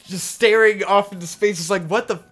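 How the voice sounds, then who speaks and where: Young man, podcast co-host, casual storytelling, rambling, profane, filler-heavy, slightly higher voice. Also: fairly even intonation, brisk, fairly bright tone, faint music behind.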